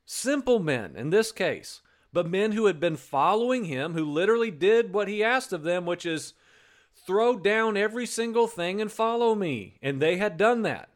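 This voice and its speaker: A man's voice: high voice, lively intonation, normal speed. A man preaching a sermon in a conversational way, with restarts and acted-out quotes. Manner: conversational, repeats words, acts out quotes.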